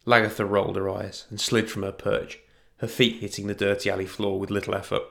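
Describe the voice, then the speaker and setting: A man narrating a fantasy story in an even storytelling manner. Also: on the low side, fairly quick, vocal fry.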